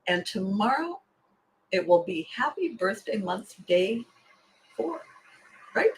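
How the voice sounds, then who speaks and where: Animated woman storyteller, mid-pitched. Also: slow pace, slight background noise, rough recording. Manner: animated storyteller who acts out quoted voices. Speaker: podcast host and life coach. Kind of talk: motivational monologue.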